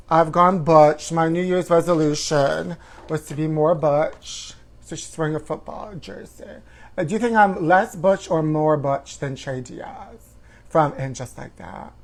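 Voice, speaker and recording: A man hosting a comedic gossip show, campy and sassy, calling listeners honey. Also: on the high side. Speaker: host. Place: home livestream.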